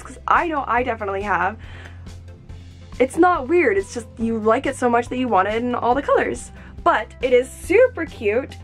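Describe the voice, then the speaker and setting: A young woman gushing excitedly as she unboxes and tries on sweaters in a vlog, bubbly and full of exclamations. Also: high-pitched. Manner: gushing, bubbly, repeats "oh my gosh". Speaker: vlogger.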